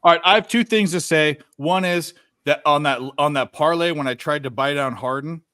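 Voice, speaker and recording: A man's voice: on the high side, normal speed, a bit bright, clean tone, dry recording, clean studio sound. Rambling, profane American man. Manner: rambling, profane, repeats words when starting. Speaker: co-host of a betting stream. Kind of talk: casual chat.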